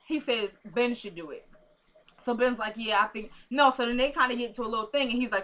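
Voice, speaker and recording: A woman casually recapping a TV episode, acting out characters' lines in an animated, chatty way. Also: a little high, quick pace. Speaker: TV recap host.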